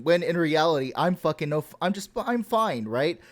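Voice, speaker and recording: A man's voice: a little high, expressive, moderate pace, few pauses. A man from Texas co-hosting a podcast, ranting and swearing casually with laughs. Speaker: podcast co-host.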